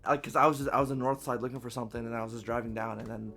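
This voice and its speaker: A man's voice: medium pitch, fairly even intonation, very fast, gravelly, sharp tone, soft background music. A man co-hosting a podcast, casually telling stories and acting out the people he met. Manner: laid-back storyteller, acts out shop clerks in quoted voices. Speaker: podcast co-host. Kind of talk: casual chat. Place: Texas.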